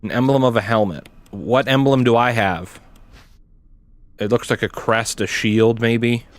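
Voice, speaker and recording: A man's voice: medium pitch, unhurried. A young man, chatting casually while he plays a game, rambling and swearing, with lots of "like" and "dude". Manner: rambling, swears a lot, says "like" and "dude" often. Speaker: gaming streamer. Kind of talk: casual gameplay chat.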